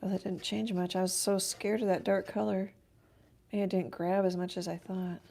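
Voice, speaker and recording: A woman's voice: mid-range voice, level tone, moderate pace, creaky, dark tone. A woman talking through her painting in a casual livestream from her art studio, musing to herself as she works. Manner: musing, self-talk while painting, trails off. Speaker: art teacher painting live.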